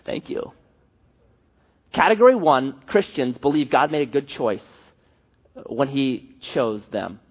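A man preaching a sermon, animated and acting out the voices he quotes. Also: medium pitch, unhurried, muffled recording. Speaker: pastor.

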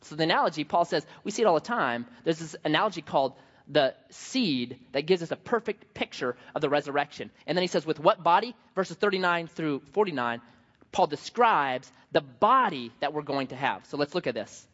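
A man's voice: a little high, a little fast. A man preaching a sermon, telling stories with humor and playful asides. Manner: animated storytelling, joking. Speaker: pastor. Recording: dull sound in a large reverberant hall.

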